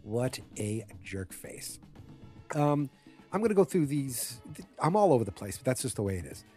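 A man's voice: fairly high pitch, sing-song, quick pace, a little mellow, faint music behind. A man giving a casual spoken recap of a TV episode, rambling with many fillers and self-corrections, and blunt in his opinions.

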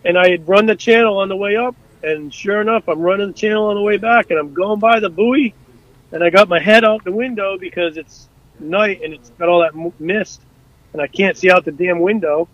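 A man casually telling stories from his time on rescue boats, animated and full of fillers and restarts, acting out what people said. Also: high-pitched, brisk, dry recording, dull audio. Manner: animated, acts out quotes, many fillers and restarts. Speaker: guest, former rescue boat crewman. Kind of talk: casual storytelling.

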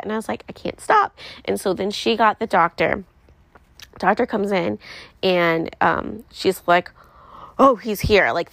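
A woman's voice: medium pitch, creaky, dry recording, low-quality recording. A young woman casually telling a personal story as a podcast host, chatty and confiding, with many filler "likes".

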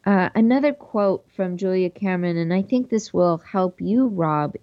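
A woman hosting a show, reading aloud from a book and reflecting on it in a gentle, thoughtful way. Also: lowish voice, animated, normal speed, no echo, highs cut off. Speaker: podcast host.

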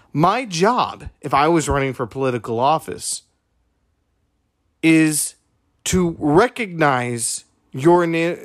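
A man's voice: on the high side, fairly bright tone, dry recording, studio quality. A man hosting a podcast, retelling a conversation and making his point in an emphatic, preachy way with repeated rhetorical questions. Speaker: podcast host.

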